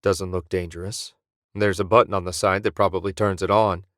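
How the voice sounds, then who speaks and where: A man voicing a nervous, wary male partner in an audiobook, a little lower than his narration. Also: flat delivery, brisk, a bit bright, no room sound, studio quality. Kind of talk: audiobook character voice.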